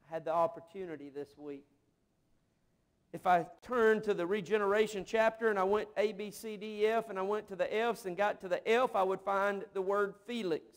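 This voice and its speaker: A man delivering an emotive, story-driven sermon in a church as a missionary pastor. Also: sits high. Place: church sanctuary.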